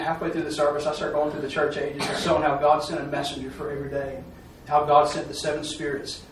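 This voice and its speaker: A man, a preacher giving a folksy, repetitive testimony. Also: on the high side. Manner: folksy, repetitive, with "I'm telling you". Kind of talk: testimony during a church talk. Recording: echoey room, mic far off, faint noise.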